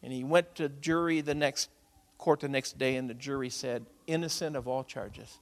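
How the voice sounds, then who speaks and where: A male pastor preaching a sermon, moving from quiet storytelling to loud, urgent exhortation. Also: mid-range voice, fairly even intonation, normal speed, hardly any pauses. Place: church sanctuary. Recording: long hall reverb.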